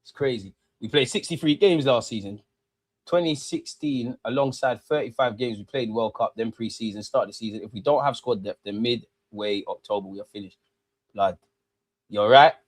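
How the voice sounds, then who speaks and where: A man's voice: moderate pace, dry recording. Young man, slangy and sweary, football stream host, dry close sound. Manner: slangy, swears freely, mocks comments in high squeaky voices. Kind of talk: casual live-stream chat reading viewer comments.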